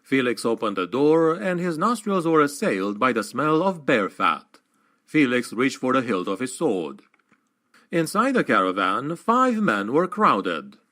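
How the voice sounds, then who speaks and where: A man narrating a fantasy audiobook in an expressive, dramatic reading. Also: mid-range voice.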